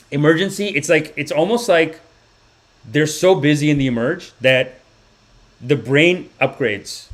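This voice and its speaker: A young man hosting a comedy podcast, telling stories animatedly and slipping into voices. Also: medium pitch. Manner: animated, acts out people with voices. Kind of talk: comedic storytelling monologue.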